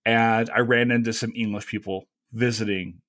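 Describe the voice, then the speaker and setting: A man's voice: on the low side, steady tone, normal speed, fairly bright tone. A man from Kentucky hosting a podcast, chatting casually in a rambling way and laughing often. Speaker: podcast host.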